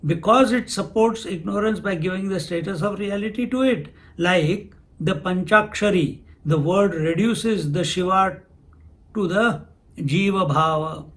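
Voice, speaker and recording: A man giving a spiritual discourse, unhurried, who asks questions and answers them himself. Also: high-pitched, a bit bright. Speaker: spiritual teacher.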